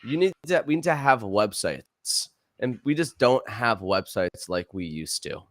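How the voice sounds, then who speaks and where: A young man co-hosting a podcast, chatting casually in an energetic, playful way. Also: on the low side, unhurried. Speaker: podcast co-host.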